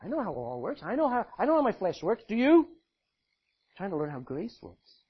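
Husky man preaching a dramatic sermon. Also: high-pitched, wildly swooping pitch, moderate pace, highs cut off. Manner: dramatic, swings from loud to hushed while quoting scripture.

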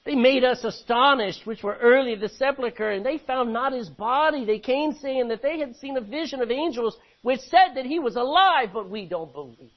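A man preaching a sermon, animated, acting out voices from the scripture he reads. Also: very high-pitched, normal speed, hardly any pauses. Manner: animated, acts out biblical voices. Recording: dull lo-fi recording.

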